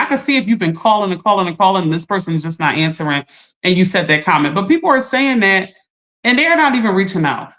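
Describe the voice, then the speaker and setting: Chatty laughing woman teasing her viewers. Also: medium pitch. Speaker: livestream host. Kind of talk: casual livestream chat reading comments.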